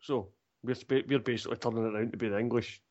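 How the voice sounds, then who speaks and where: A man's voice: medium pitch, fairly even intonation, very fast, darkish tone. A man co-hosting a casual football podcast, matter-of-fact and explaining. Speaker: podcast co-host. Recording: dull lo-fi audio.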